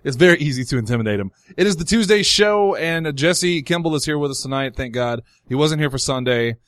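A man's voice: on the high side, lively intonation, fairly quick, fairly bright tone, no room sound, studio quality. A man hosting a casual radio talk show, telling rambling, self-deprecating stories.

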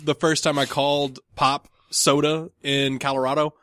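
A man's voice: fairly high pitch, level tone, normal speed, fairly bright tone, dry recording, clean studio sound. A man co-hosting a casual podcast chat, from the American South, telling rambling stories and laughing often. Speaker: podcast co-host.

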